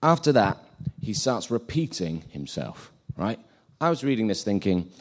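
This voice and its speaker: A man's voice: on the low side, big pitch swings, moderate pace. A man giving an informal sermon, chatty and self-deprecating, acting out the scenes he retells.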